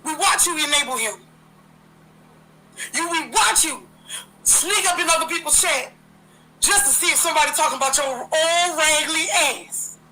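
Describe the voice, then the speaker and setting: A woman's voice: high-pitched, normal speed, pauses often, background noise. A woman hosting a livestream, delivering a heated, profane, confrontational rant full of repeated jabs. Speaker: livestream host.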